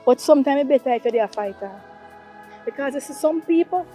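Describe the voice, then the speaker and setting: In a Jamaican comedy-drama skit, a woman with a Jamaican accent plays a big sister lecturing her brother about abuse in emphatic, preachy patois. Her high voice is animated, quick, and mellow, with faint music in the background.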